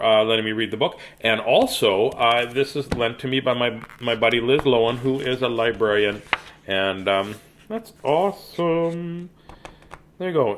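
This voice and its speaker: A man at home chatting with children and reading them a storybook aloud, talking in a friendly, repetitive way. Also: mid-range voice. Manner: chatty, warm toward children, repeats words often. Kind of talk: casual chat and storybook reading to kids.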